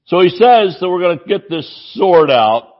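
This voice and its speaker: Male evangelist, excitable sermon delivery, yelling bursts and chatty anecdotes, slightly dull lo-fi recording. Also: high-pitched, measured pace. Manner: excitable, yells when preaching. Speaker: preacher. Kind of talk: sermon with humorous stories.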